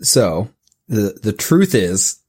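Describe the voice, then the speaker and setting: A man's voice: lowish voice, very animated, drawn-out words, a little mellow, slightly rough. A man in his thirties co-hosting a podcast, telling a story with hesitant restarts and laughter in casual chat. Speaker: podcast co-host.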